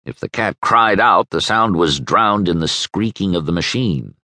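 Male audiobook narrator, wry, expressive; dry studio sound. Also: deep voice, normal speed, no echo. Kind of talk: scripted narration.

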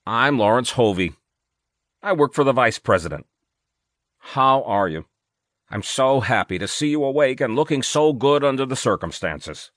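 A man's voice: mid-range voice, animated, moderate pace, a bit bright, no echo, studio quality, pitched above the performer's own voice, natural voice. A man doing an oily government aide. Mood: placating. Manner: smooth, placating, falsely sincere. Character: oily male government aide, smooth and falsely concerned.

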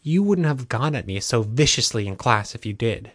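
A man's voice: mid-range voice, lively intonation, moderate pace, no room sound, clean studio sound, natural voice. A male audiobook narrator voicing a distraught, tearful young man who talks in a choked, trembling way and swears.

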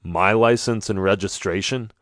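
A man voicing a shaken, indignant former priest with a gruff, low manner. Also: moderate pace, fairly bright tone, no room sound, studio quality, lightly acted.

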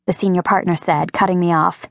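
A woman narrating an audiobook in a measured way, voicing the characters lightly. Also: lowish voice, steady tone, vocal fry, no room sound, studio quality. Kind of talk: scripted narration. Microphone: close studio mic.

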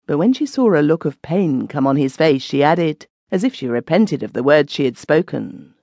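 A woman narrating an old legend in measured, archaic storytelling. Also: deep voice, animated, darkish tone, no echo, studio quality. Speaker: audiobook narrator. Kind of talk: scripted narration.

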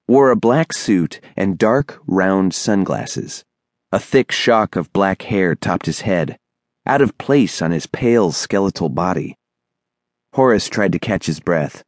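A man narrating a children's audiobook in a measured storytelling manner. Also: low-pitched, darkish tone, dry recording, studio quality.

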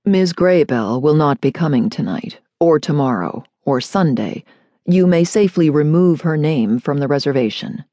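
A woman doing a deep, stiff, formal man. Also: expressive, normal speed, dark tone, no echo. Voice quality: deep and resonant.

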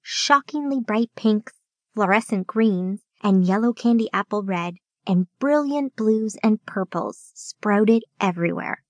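A woman narrating a children's audiobook in a clear, steady reading voice. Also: medium pitch, measured pace, dry recording.

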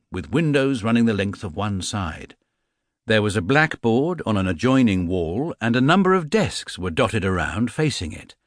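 A man reading a children's storybook aloud as an expressive audiobook narrator. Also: on the low side, dry recording, studio quality.

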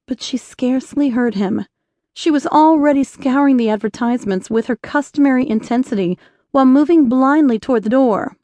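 A woman narrating an inspirational romance audiobook in a measured storytelling voice on a close studio mic. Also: high voice, dark tone, no echo. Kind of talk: scripted narration.

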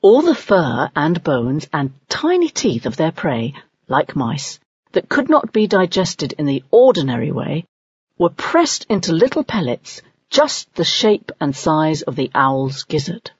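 A woman narrating a children's audiobook in a measured, expressive storytelling manner. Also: low voice, slightly rough, no echo, highs cut off. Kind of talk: scripted narration.

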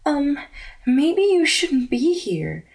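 Female narrator putting on a high, slow, purring flirt; audiobook character. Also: big pitch swings, gravelly, darkish tone, exaggerated voice. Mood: coy.

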